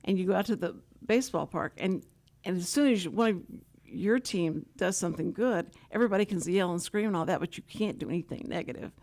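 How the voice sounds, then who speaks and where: An older woman hosting a talk show, telling stories in a rambling, animated way full of asides. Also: fairly low pitch, a little fast. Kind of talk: casual chat.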